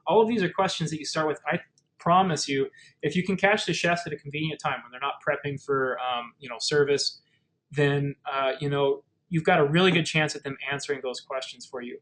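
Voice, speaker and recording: A man's voice: on the high side, brisk, fairly bright tone, poor audio. A man presenting a webinar in a casual, explanatory way, with plenty of fillers and restarted phrases. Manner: conversational, many fillers and restarts.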